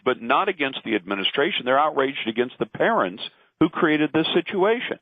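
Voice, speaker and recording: A man's voice: mid-range voice, very animated, fairly quick, dry recording. A middle-aged man giving opinionated talk radio commentary, emphatic and argumentative, acting out the voices he quotes. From Pacific Northwest, lives in Portland. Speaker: radio talk host, guest. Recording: dry, tinny phone line.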